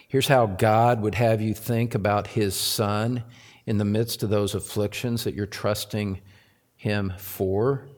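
A man preaching a sermon to his congregation, repeating phrases for emphasis and rising to loud, emphatic peaks. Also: lowish voice. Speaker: pastor.

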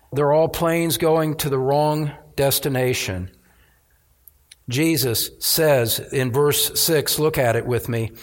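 Pastor, male, slightly high voice; emphatic sermon delivery with restarts. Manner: emphatic preaching with repeated restarts.

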